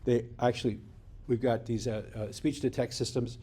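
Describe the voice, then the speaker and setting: A man's voice: mid-range voice, fairly even intonation, moderate pace, dark tone, husky. A man giving a university lecture in a conversational way, often restarting sentences and checking in with the class. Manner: conversational, with restarts and rhetorical "right?". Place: lecture hall.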